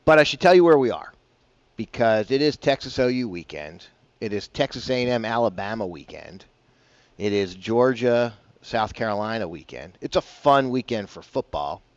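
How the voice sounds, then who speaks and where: A man's voice: on the low side, expressive, normal speed, no room sound, lo-fi sound. A man hosting a casual morning golf radio show, rambling and chatty with self-deprecating asides, on a broadcast mic. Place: broadcasting from a bar.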